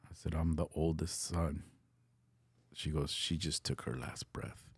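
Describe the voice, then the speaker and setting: Middle-aged male storyteller, very low and husky, earnest and casual, code-switching into Spanish phrases. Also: steady tone, measured pace, no room sound. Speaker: podcast guest.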